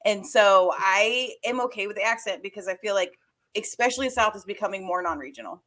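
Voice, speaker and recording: A woman's voice: medium pitch, brisk. A woman from Georgia without a Southern accent, co-hosting a podcast and arguing frankly, saying "like" often. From Georgia, USA. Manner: animated, frank, says "like" often. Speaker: podcast co-host. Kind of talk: casual movie review chat.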